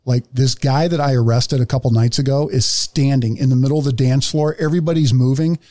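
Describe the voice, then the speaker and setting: A man co-hosting a podcast, telling old police stories in a casual, animated way, swearing and laughing often. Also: medium pitch, brisk, no echo. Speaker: podcast co-host, former police officer. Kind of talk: casual storytelling chat.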